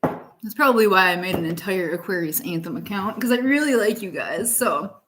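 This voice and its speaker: A woman's voice: medium pitch, lively intonation, moderate pace, a bit bright. A young adult woman giving a casual tarot reading, talking in a blunt, profane, tough-love way. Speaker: tarot reader.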